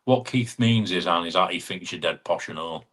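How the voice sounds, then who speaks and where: A man's voice: deep voice, normal speed, fairly bright tone. Chatty man hosting a live stream. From England (Chester). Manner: chatty, teasing banter with viewers by name. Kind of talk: casual live-stream chat reading out viewer comments.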